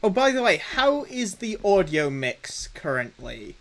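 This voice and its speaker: A man chatting casually on a live game stream, halting and self-mocking while he fumbles with his setup. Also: high-pitched, very animated, a bit bright, slight background noise, low-quality recording. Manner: halting, fumbling through tech setup with many restarts.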